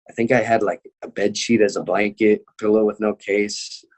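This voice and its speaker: A young man with a fairly low voice tells a story in loose, casual chat. He swears constantly and acts out the people he quotes. He is an MMA fighter talking as a guest. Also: flat delivery, moderate pace, darkish tone.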